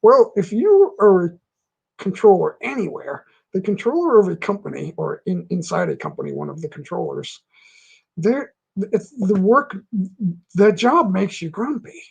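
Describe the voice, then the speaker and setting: A man's voice: sits high, sing-song, moderate pace, gravelly, a little mellow, breathy edge. A middle-aged man hosting a casual livestream, rambling through stories with frequent restarts and laughing at his own anecdotes. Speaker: livestream host. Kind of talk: casual chat reading out viewer comments.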